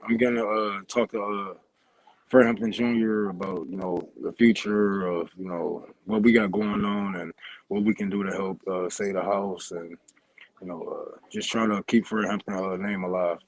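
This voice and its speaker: Low-voiced guy mumbling from a train station, lots of uhs. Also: steady tone, rough recording. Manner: quiet, halting, many fillers. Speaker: guest calling in.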